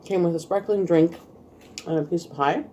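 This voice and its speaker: A woman with a low, mellow voice chats casually between bites. She talks to viewers in an easy mukbang style, laughing often. Faint clinks of cutlery and dishes sit behind her. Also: moderate pace, a little hiss or hum. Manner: chatty, eating while talking, laughs often. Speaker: vlog host.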